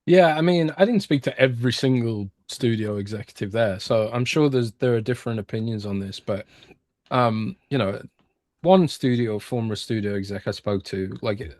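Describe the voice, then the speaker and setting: A man's voice: mid-range voice, moderate pace, a little mellow, dry recording, studio quality. A British man, a gaming reporter, talking casually on a podcast and often restarting his sentences. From Britain. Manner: hesitant, many restarts.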